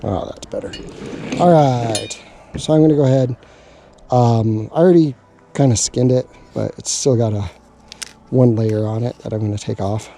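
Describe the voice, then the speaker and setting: This vlogger cooks outdoors at a camp spot, keeping up jokey, casual chatter and talking to himself while he works. His voice is mid-range at a moderate pace with frequent pauses. The background is noisy.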